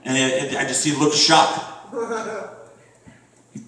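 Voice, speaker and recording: On a comedy club stage, a Florida man in his thirties rambles through a crude stand-up routine loaded with swearing. His voice is on the high side, bright and forceful yet flat, at a measured pace; a distant room mic picks him up from far away in a very echoey space, with slight background noise.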